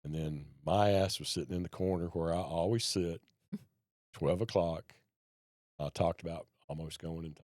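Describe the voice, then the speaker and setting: Low-voiced man telling his story. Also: moderate pace, a little mellow, no room sound, clean studio sound. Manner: folksy, plain-spoken. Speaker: podcast guest. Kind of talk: personal storytelling in conversation.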